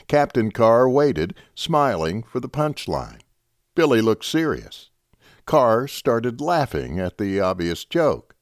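Man narrating a story, very expressive pitch, dry close sound. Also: a little slow, no echo.

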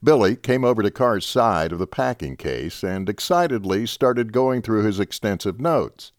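A man's voice: fairly low pitch, lively intonation, normal speed, few pauses, dry recording, clean studio sound. A man reading a story aloud as narrator.

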